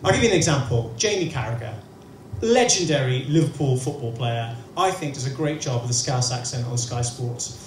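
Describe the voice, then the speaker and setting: Young brummie guy doing stand-up, dry quick asides, echoey venue with a faint murmur behind. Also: medium pitch, expressive, a little hiss or hum. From Birmingham, England. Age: young adult. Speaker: stand-up comedian. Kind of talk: stand-up comedy set. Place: comedy venue stage. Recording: echoey room with faint ambience.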